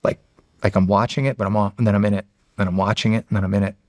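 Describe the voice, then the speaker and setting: A man's voice: lowish voice, little pitch movement, racing, darkish tone, no room sound, studio quality. A middle-aged American man and podcast guest who tells stories casually and animatedly, acting out the voices. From United States. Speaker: podcast guest, former Navy SEAL. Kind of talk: casual storytelling.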